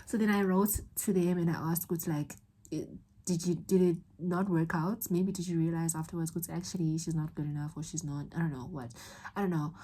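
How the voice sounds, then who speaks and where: A young woman with a South African accent tells a candid, rambling personal story in her vlog, sometimes tearful, emotional, and restarting often. Her fairly low voice is brisk and warm with a steady tone. The recording is low quality, with a little hiss or hum.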